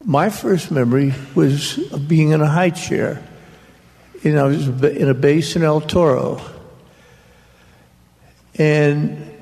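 Slow, gravelly older man telling stories. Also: on the high side, warm tone, in a large hall. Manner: slow, wry storytelling with laughter. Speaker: interviewee, author. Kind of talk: storytelling in a recorded talk.

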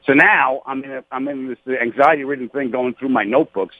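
A man tells comedy-club stories as an interview guest, jumping his voice up whenever he acts out what someone said. He comes through a tinny phone line with a husky, dry sound. His pitch sits in a middle range. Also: brisk, no echo. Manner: animated, acts out quotes with big pitch jumps. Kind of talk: storytelling in a radio interview.

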